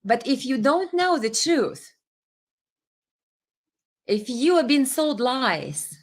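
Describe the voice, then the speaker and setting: A woman's voice: sits high, sing-song, slow pace. Impassioned woman hosting a livestream. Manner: impassioned and indignant, with frequent fillers and restarts. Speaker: livestream host. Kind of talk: live political commentary, reading viewer comments.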